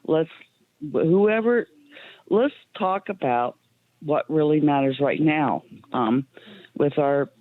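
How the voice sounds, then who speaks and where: A woman's voice: low voice, animated, slow, long pauses, no echo. A woman calling in to a radio talk show, plain-spoken and emotional, with lots of ums. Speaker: caller. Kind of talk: call-in radio chat. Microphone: phone. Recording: tinny phone line.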